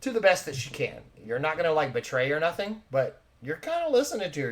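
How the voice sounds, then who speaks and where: Animated male game master. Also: a little high, quick pace. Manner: loose, slangy asides. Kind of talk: narrating a tabletop game.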